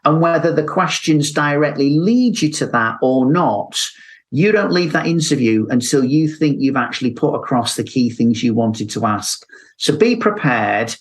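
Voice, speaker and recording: A man with a voice of middling pitch gives measured career advice as a podcast guest. He speaks reflectively and thinks the points through as he goes. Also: expressive. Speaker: mentor, interview guest. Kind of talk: advice talk.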